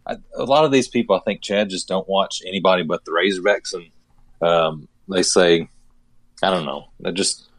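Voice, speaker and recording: A man with a fairly low voice co-hosting a sports podcast. He rambles in a halting way, breaking off and restarting his sentences. The recording is dry and close, with no room sound. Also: dry recording. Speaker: podcast co-host. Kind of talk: casual sports chat.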